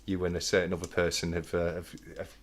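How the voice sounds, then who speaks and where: A man with a fairly low voice co-hosts a casual livestream, chuckling and rambling through his sentences. A faint hiss of noise sits under his voice. He sounds friendly and loose. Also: little pitch movement, fast talker. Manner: chatty and giggly, rambling with fillers. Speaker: livestream co-host.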